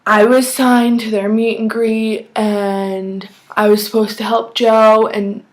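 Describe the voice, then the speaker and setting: A nineteen-year-old woman tells a story to her camera in a slightly high voice. She talks in an excitable, chatty way, full of "like" and quoting what people said. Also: slow pace. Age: young adult. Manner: chatty, excitable, lots of "like" and acted-out quotes. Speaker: vlogger. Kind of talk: casual storytelling.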